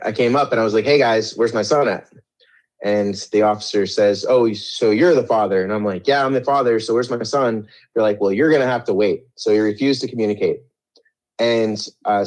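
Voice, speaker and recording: Rambling man with a low voice. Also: a little mellow. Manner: rambling, many restarts and fillers, defensive. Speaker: guest telling his story. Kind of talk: conversational interview storytelling.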